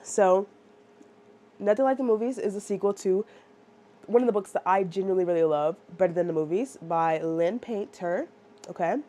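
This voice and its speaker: A woman's voice: mid-range voice, normal speed. A woman giving a casual, rambling book review, talking animatedly and constantly checking in with her listeners. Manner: animated, rambling, lots of "like" and "right?".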